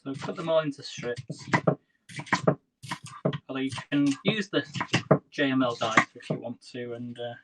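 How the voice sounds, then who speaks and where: A man's voice: medium pitch, unhurried, pauses often, heavy background noise. Chatty man cooking live in his kitchen. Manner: chatty, talks to viewers while cooking. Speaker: cooking livestream host. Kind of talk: casual live cooking chat. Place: home kitchen. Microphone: phone livestream. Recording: kitchen clatter and clicks behind.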